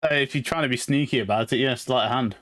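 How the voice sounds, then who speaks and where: A man's voice: mid-range voice, fast talker, fairly bright tone, no echo, clean studio sound. A man as game master of a tabletop game, narrating in a laid-back, hesitant way.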